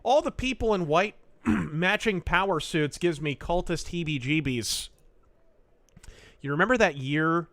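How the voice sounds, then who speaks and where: A man's voice: on the high side, animated, measured pace, fairly bright tone, no room sound. A man hosting a live reaction stream, making sarcastic, mocking asides. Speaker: streamer and host.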